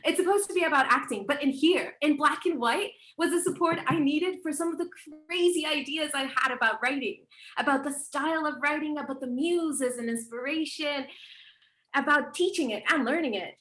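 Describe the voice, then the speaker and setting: A woman's voice: high voice, moderate pace, fairly bright tone. A woman reading a play monologue at a table read, in a reflective, musing way. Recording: roomy echoey space.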